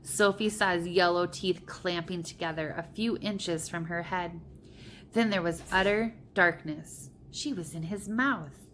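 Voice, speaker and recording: A woman reading a children's storybook aloud with steady, plain narration. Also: on the low side, measured pace, slight background noise. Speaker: reader.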